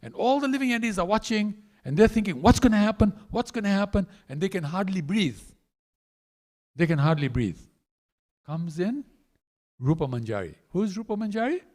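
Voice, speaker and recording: A man preaching a storytelling sermon in a temple hall, acting out the characters with animated delivery. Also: high voice, normal speed, pauses often.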